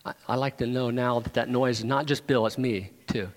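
A man preaching a sermon, animated, pushing his voice up into emphatic questions and joking with the congregation. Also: medium pitch, a little fast, in a large hall. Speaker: pastor.

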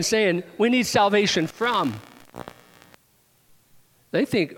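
A male pastor preaching with animated energy, his voice climbing into emphatic questions and teasing the congregation by name. His voice sits somewhat high for a man, and a long hall reverb trails each phrase. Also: takes it slowly, long pauses. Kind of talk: sermon.

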